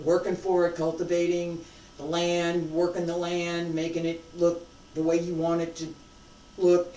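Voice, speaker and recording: A martial arts instructor teaching a live class, emphatic and repetitive, swinging between loud and hushed. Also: medium pitch. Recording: roomy sound from a distant mic.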